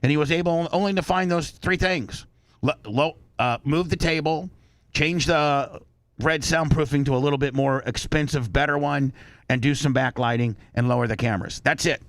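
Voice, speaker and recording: A man's voice: fairly high pitch, normal speed, a bit bright, dry recording. A man hosting a radio talk show, telling a story bluntly and with animation, swearing as he goes. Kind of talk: casual talk-show chat.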